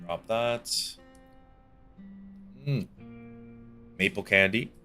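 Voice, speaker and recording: Man, Canadian East Coast accent, young adult, quick slangy banter, fairly low voice, faint music behind. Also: pushed and bright. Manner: fast, joking, slangy. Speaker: livestream gamer. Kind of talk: casual chat with chat while gaming.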